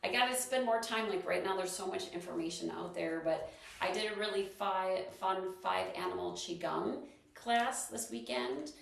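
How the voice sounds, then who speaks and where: A woman leading a free online movement class, chatting casually with many ums and restarts between gentle instructions. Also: mid-range voice, normal speed, vocal fry, very echoey, recorded from a distance. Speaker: movement and wellness class leader.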